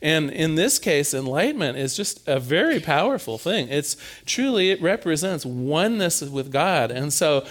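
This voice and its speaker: Animated man preaching a sermon. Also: on the high side, moderate pace, few pauses. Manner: conversational, animated, frequent repeats.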